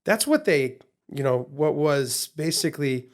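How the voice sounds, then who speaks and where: A man's voice: fairly high pitch, animated, measured pace. A man co-hosting a podcast, talking in a casual, rambling way with many fillers and restarts. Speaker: podcast co-host.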